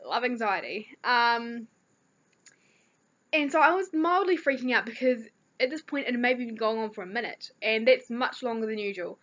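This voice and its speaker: A woman's voice: a little high, animated, moderate pace, fairly bright tone. Chatty teen girl with a New Zealand accent. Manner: rambling, chatty storytelling with fillers. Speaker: vlogger. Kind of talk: casual chat. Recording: dull lo-fi recording.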